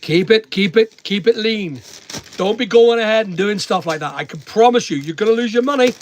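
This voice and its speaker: A man's voice: high voice, animated, brisk, slight background noise. A middle-aged man with a Northern Irish accent chatting casually on a livestream, giving blunt, preachy money advice and answering comments. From Northern Ireland. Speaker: online seller and livestream host.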